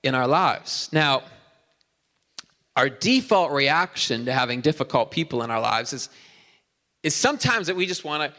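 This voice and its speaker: A man preaching a sermon in a church, energetic and conversational, with humor. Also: medium pitch, moderate pace, long pauses, long reverb tail. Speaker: pastor. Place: church auditorium.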